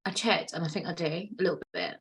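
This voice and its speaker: A woman's voice: on the low side, fairly even intonation, fast, fairly bright tone, slightly rough, poor audio. A woman in her late twenties hosting a solo podcast, chatting candidly and rambling, swearing freely. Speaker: podcast host. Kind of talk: casual solo podcast chat.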